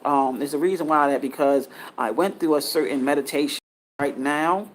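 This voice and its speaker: A man's voice: mid-range voice, fairly quick, a little hiss or hum. A man giving a casual spiritual talk, earnest and lecturing, rambling and often restarting his sentences. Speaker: spiritual teacher.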